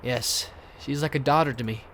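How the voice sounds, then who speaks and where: A man voicing a lonely, warm-hearted older male innkeeper in a video game, with a put-on foreign accent and a halting, earnest delivery. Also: mid-range voice, slight background noise, lightly acted. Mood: wistful.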